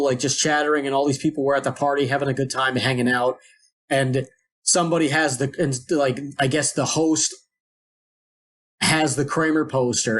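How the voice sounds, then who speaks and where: A man's voice: medium pitch, a little hiss or hum. A man co-hosting a podcast, telling a long story in a rambling, digressive way. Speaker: podcast co-host. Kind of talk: casual podcast chat.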